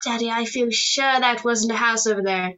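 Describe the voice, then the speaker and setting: A woman's voice: fairly high pitch, normal speed, bright, forceful tone. Woman playing a bubbly, adoring teenage daughter. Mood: frightened. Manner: bubbly, teasing, affectionate. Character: playful, adoring teenage daughter putting her hair up. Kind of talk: radio drama acting.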